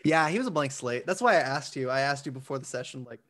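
A man who hosts the podcast and runs the game, chatting casually and laughing easily. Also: medium pitch. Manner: animated, quick to laugh. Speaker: podcast host and game master. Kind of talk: casual chat.

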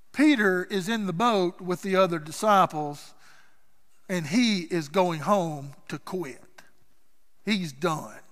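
A male pastor delivers a sermon in a church sanctuary, his voice high and bright. He tells the story slowly and theatrically, rising to loud cries and dropping to near hushes. A long reverb trails behind every phrase.

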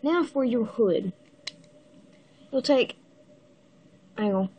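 A woman with the hiccups giving a casual step-by-step building tutorial, halting and pausing mid-step to show the pieces. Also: fairly high pitch, expressive, warm tone, muffled recording, a little hiss or hum. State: has the hiccups. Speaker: toy builder giving instructions.

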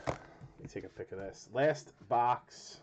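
Opening cards during a card break, a man chats casually in a rambling, joking way and swears freely. His mid-range voice is darkish and measured in pace, and the lo-fi recording sounds dull with a faint hiss of noise.

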